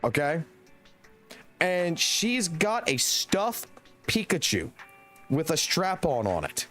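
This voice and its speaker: Profane, animated young male streamer. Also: on the high side, slow pace, soft background music. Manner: profane, rambling anecdote with laughs. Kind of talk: casual storytelling on a live stream.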